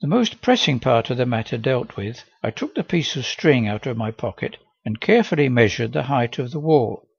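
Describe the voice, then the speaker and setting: A man reading a first-person novel aloud in a measured, expressive way. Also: medium pitch, creaky, husky, no echo, dull audio. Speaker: audiobook reader.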